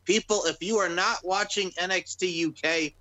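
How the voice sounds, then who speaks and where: A man's voice: high voice, steady tone, moderate pace, sharp tone, low-quality recording. A man co-hosting a casual wrestling podcast, crude and joking, laughing often. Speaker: podcast co-host.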